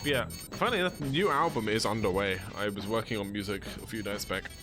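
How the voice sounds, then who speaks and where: A man's voice: on the low side, brisk. A young man with a British accent giving laid-back, joking commentary on a speedrun, explaining tricks as he plays. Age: young adult. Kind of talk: casual live-stream commentary. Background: game music.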